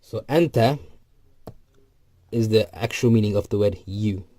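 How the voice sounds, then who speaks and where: Low mellow-voiced man teaching a lesson. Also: a little slow, no room sound. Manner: explains step by step, repeats phrases, frequent ums. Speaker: Arabic teacher. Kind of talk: recorded textbook lesson.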